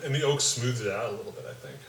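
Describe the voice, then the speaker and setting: A man's voice: medium pitch, sing-song, rapid-fire, gravelly, a little hiss or hum. Laid-back man in an echoey room. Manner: joking, swears freely, trails off quietly. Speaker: podcast co-host. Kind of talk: casual chat. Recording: echoey room, mic at a distance.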